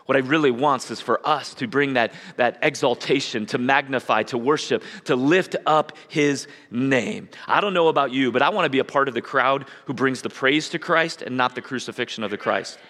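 A man's voice: medium pitch, normal speed, few pauses, a bit bright. A male pastor preaching a sermon in church, conversational and emphatic, repeating his key phrases. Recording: long church hall reverb.

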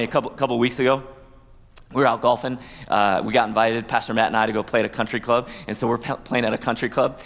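A man's voice: a little high, fairly bright tone. Man preaching in an echoing hall. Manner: conversational preaching with asides and playful quoted voices. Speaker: pastor. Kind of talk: sermon. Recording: long hall reverb.

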